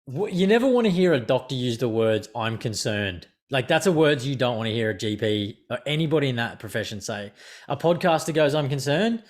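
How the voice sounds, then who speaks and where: A man hosting a podcast, telling a story in casual chat, swearing and animated. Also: medium pitch, quick pace. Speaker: podcast host.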